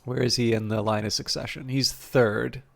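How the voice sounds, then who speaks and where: A man's voice: medium pitch, steady tone, moderate pace, gravelly. A man streaming live strategy game commentary, thinking aloud with many fillers and restarts and a self-amused tone.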